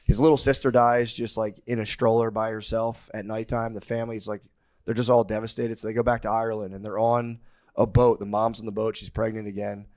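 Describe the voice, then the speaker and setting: A man's voice: on the low side, little pitch movement, fairly quick, darkish tone. A man co-hosting a podcast, telling stories in a laid-back, profane way. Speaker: podcast co-host. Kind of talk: casual chat.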